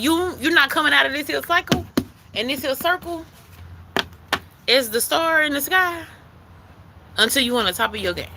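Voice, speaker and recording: A woman's voice: a little high, background noise. A woman giving a spiritual tarot reading, emphatic and repetitive, who calls the listener baby and swears casually. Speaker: intuitive card reader.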